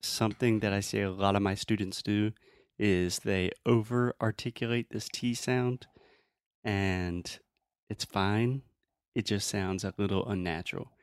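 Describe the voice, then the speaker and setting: A man teaching English pronunciation in a relaxed, friendly chat, often demonstrating sounds. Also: fairly low pitch, a little slow, clean tone, dry recording, clean studio sound.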